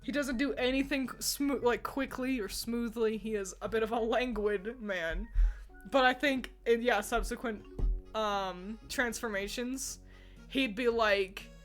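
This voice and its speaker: A young woman streamer in casual chat with her viewers. She keeps breaking into giggles, and her voice sits fairly high with an unhurried, drawn-out pace. Faint music plays in the background. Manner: giggly, laughs often, talks to chat. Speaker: streamer ranking characters.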